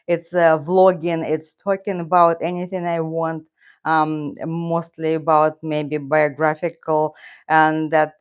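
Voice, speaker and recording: Slow-talking Russian-accented woman. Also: low-pitched, clear, resonant tone, dull audio. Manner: rambling, talks to her cat and viewers. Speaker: streamer. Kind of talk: casual live-stream chat. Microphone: loose clip-on mic.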